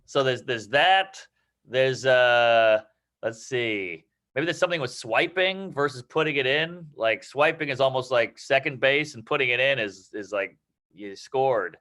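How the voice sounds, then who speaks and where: A man coaching comedy, riffing loosely on joke ideas and acting out quick bits of dialogue. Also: medium pitch, bright, forceful tone. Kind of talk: casual joke workshopping.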